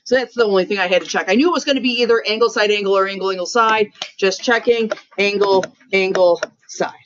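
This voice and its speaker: Speaking quickly at a medium pitch, a high school math teacher addresses her students in a chatty, joking way. Self-mocking comments mix with frequent "right?" and "okay?" check-ins. The classroom recording is distant and muffled, with faint noise.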